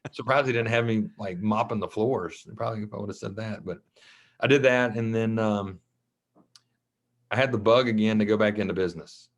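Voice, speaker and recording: A man, a coach from Mississippi, telling his story in a casual interview, animated, acting out the voices of people he quotes. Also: on the low side, fairly quick. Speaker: guest, track and football coach. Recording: dull lo-fi podcast audio.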